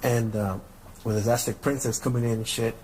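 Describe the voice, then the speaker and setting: A man's voice: medium pitch, steady tone, fairly quick, darkish tone, a little hiss or hum, rough recording. A middle-aged man hosting a podcast, telling stories in a casual, profane, rambling way and repeating his words. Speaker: podcast host. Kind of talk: casual storytelling rant.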